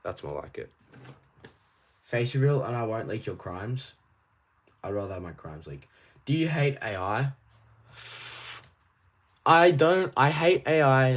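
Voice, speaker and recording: Lively low-voiced Australian man. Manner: rambling and animated, quick asides. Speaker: toy collector streamer. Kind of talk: casual livestream chat, reading viewer questions.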